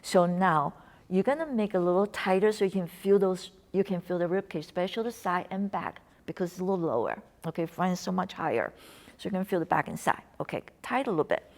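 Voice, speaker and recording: A woman's voice: lowish voice, fast. Woman coaching a breathing lesson. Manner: coaching, encouraging, slips into soft whispers on cues. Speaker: wellness instructor.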